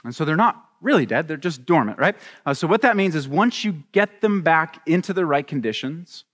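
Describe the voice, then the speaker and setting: A man preaching a sermon as a pastor, animated and acting out little scenes with voices. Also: fairly high pitch, normal speed, in a large hall.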